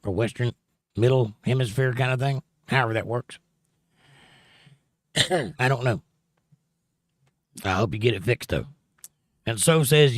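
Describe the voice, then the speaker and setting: A man's voice: medium pitch, unhurried, long pauses, no echo, clean studio sound. A middle-aged man hosting a live stream, chatting casually with his viewers in a sarcastic, joking, folksy way.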